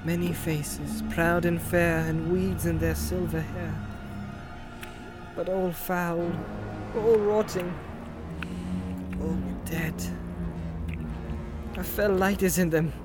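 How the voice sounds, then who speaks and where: A man voicing a haunted young hero in an audiobook, speaking softly and as if from far away. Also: a little high, flat delivery, over music, voice pushed up. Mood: haunted, dreamy. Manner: soft, faraway, halting. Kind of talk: audiobook character voice.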